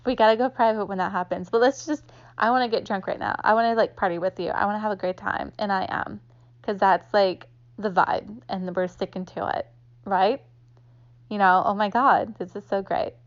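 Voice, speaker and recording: A woman's voice: medium pitch, fairly even intonation, fairly quick. A woman giving a casual instructional talk, chatty and full of "like" fillers. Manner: chatty, heavy use of "like" fillers. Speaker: online instructor. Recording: slightly dull lo-fi audio.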